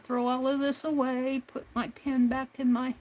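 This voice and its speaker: A woman's voice: sits high, level tone, normal speed, darkish tone. A woman hosting a craft livestream, talking herself through each step at her home desk. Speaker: craft channel host. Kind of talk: casual crafting livestream narration.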